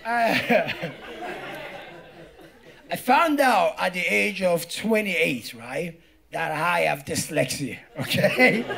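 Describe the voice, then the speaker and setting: A man from Africa doing stand-up comedy, telling a story in an animated way, laughing and swearing, with frequent "right?" asides. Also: sits high, gravelly.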